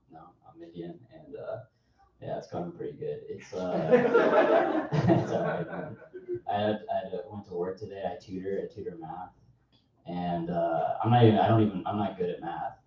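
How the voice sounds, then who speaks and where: Young male comic, casual self-mocking stand-up, mid pitch, recorded from afar with dull sound. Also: lively intonation, moderate pace, background noise. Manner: offhand, rambling, self-mocking. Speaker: stand-up comedian. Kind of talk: stand-up set. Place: comedy club stage. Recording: echoey, distant, dull live club recording.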